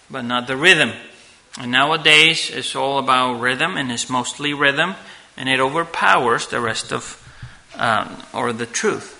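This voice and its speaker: A man teaching a class on church music from slides, talking haltingly and checking in with "okay?" often. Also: medium pitch, pushed and bright, rough recording. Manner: halting, restarts and fillers, asks "okay?" often. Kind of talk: slide-based lecture.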